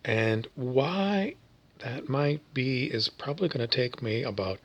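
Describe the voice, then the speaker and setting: A man's voice: mid-range voice, expressive, a little slow, dull audio. A man from Canada talking in a meandering, wry vlog monologue, full of fillers and asides. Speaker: vlogger. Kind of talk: rambling monologue.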